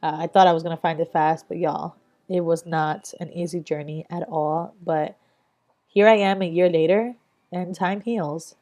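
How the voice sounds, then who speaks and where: A woman's voice: on the low side, steady tone, normal speed, warm tone. A young adult woman vlogger giving a candid, reflective voice-over, casual and swearing freely.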